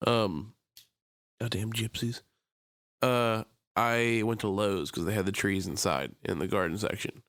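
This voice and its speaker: A young man co-hosting a podcast, telling a long story in casual chat, swearing freely and breaking into high voices when he quotes people. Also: steady tone, normal speed, hardly any pauses, a bit bright, clean tone, dry recording, clean studio sound. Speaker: podcast co-host. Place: small room, in person with co-host.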